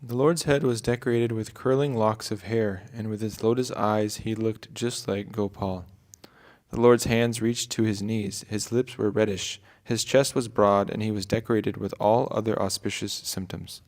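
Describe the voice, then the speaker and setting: A man reads scripture aloud for a group, calm and steady. His voice sits a little low. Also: moderate pace. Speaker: reader in a group reading.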